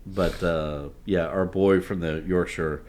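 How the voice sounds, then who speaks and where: A man's voice: sits low, steady tone, slow pace, darkish tone, a little hiss or hum. A man co-hosting a sports podcast, talking in a rambling casual way that trails off and restarts. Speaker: podcast co-host.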